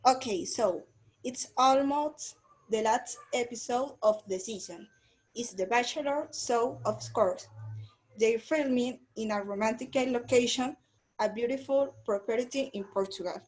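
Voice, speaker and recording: Woman student on a video call, higher voice, reads a paragraph aloud with care. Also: unhurried, a little mellow, rough recording. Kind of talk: reading a text aloud in class.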